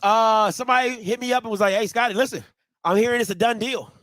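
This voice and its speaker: A man with a Baltimore accent hosts a sports talk show in an unusually high voice. He talks in rapid, emphatic bursts and breaks into shouts. The sound is dry and close. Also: dry recording. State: out of breath. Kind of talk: excited sports commentary with call-ins.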